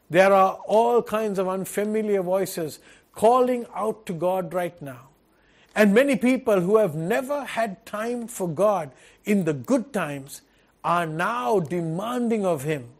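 A man delivers an earnest sermon. He preaches at a measured, unhurried pace in a fairly high voice, circling back to his points with repeated phrases and rhetorical questions. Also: a little mellow. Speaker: pastor.

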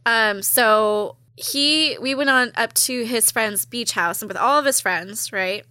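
A young woman in casual conversation, an animated storyteller who swears freely and laughs often. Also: a little high, measured pace, no echo, clean studio sound.

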